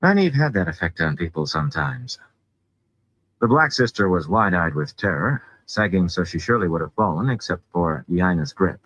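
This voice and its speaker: A man reading a fantasy novel aloud in an expressive way. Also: deep voice, moderate pace, low-quality recording. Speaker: audiobook reader.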